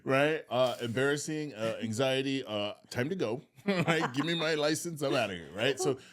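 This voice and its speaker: A man's voice: medium pitch, normal speed. A middle-aged man co-hosting a podcast, telling a story in casual chat and often laughing as he talks. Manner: animated, laughs through his stories. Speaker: podcast co-host.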